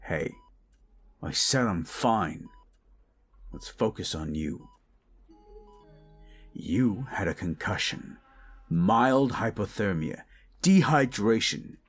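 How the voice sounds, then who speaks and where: A man playing a gruff but caring young medical student in a romantic audio roleplay, pleading and tender. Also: fairly low pitch, lively intonation, slow pace, long pauses, faint music behind, full character voice. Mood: relieved tender.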